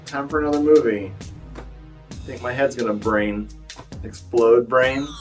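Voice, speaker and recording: A man's voice: medium pitch, a little slow, soft background music. A man reviewing movies in a casual vlog, rambling and wry with lots of fillers, sounding tired. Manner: rambling, wry, self-deprecating. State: tired, a bit bloated. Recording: voice a little far from the mic.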